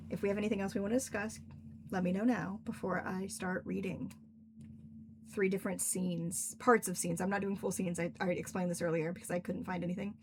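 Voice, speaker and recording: Woman streamer rambling casually, laughs a lot, mid-pitched voice, faint noise. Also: little pitch movement, fairly quick. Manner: chatty, rambling, laughs often. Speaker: author hosting a livestream. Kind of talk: casual livestream chat.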